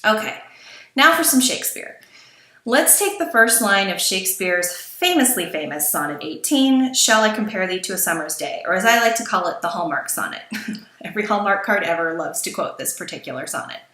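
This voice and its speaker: A woman with a bright, clear voice teaches a recorded lesson in a casual, chatty way. She breaks off for self-deprecating asides and stumbles over her words now and then. The room gives her voice a noticeable echo. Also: medium pitch, big pitch swings, normal speed. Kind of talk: recorded lecture on poetry.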